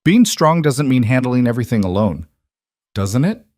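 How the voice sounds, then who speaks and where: A man voicing a calm single father who talks in a reassuring, practical way. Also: medium pitch, moderate pace, no echo, studio quality, pitched above the performer's own voice, natural voice.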